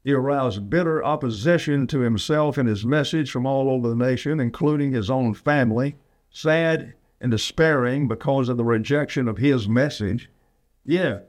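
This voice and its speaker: Preaching with homespun, wandering storytelling, this man in his eighties is a pastor from Alabama. He speaks at an ordinary pace in a mid-range voice, with no echo on the recording.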